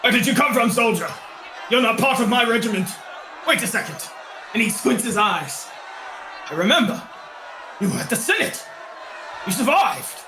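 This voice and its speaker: Man voicing a bellowing authoritarian noble officer, bright and tense, echoey room. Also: extremely high pitch, expressive, normal speed, pauses often, a faint crowd, a little hiss or hum, heavily acted. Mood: suspicious. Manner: commanding, shouting proclamations. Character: stern male noble commander, authoritarian.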